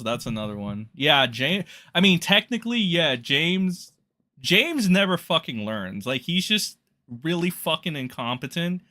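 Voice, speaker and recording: A man streaming live with a bright, clear voice at a middle pitch. He talks in casual, rambling commentary, blunt and loaded with swearing. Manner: profane, blunt, loose and rambling. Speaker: streamer reacting to drama.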